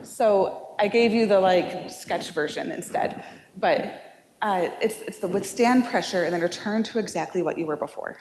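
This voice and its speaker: A woman's voice: mid-range voice, normal speed, darkish tone. A woman giving a public lecture, casual and self-deprecating, with many fillers and restarts. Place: lecture hall. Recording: reverberant hall, audible background noise.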